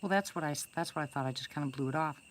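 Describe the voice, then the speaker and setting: An older woman with a low voice tells a long first-person story in a chatty, rambling way, full of restarts and fillers. She speaks to viewers as if chatting with them. Faint crickets and insects chirp in the background. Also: very fast, slight background noise. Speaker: storyteller greeting live viewers.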